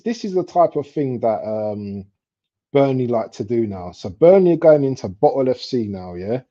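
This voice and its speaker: A young man chatting casually while he streams a football match live. He talks in street slang and breaks into excited outbursts at near misses. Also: mid-range voice, normal speed. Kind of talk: casual live commentary chat. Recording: dull lo-fi stream audio.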